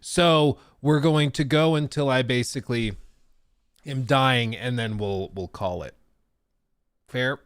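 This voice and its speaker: A man's voice: mid-range voice, slow, long pauses, smooth, no room sound, clean studio sound. A man streaming gaming news in casual, jokey chat, rambling with restarts and coming down with a cold. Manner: rambling, jokey, self-deprecating, frequent restarts.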